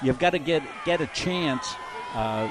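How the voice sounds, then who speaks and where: A man doing color commentary on a live high school football game, explaining strategy in a folksy, coaching-minded way. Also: expressive, unhurried, a crowd in the background, noisy background.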